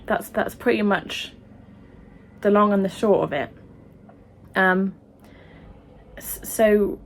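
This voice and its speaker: Impassioned woman vlogging, halting and emotional. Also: mid-range voice. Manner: impassioned, halting, with many restarts and ums. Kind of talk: opinion vlog to camera.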